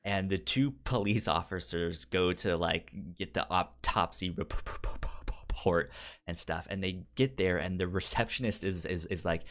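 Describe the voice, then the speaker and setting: A man's voice: sits low, normal speed, fairly bright tone. A man co-hosting a podcast in casual chat about a show, stammering over word starts and bursting into laughter as he retells scenes. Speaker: podcast co-host.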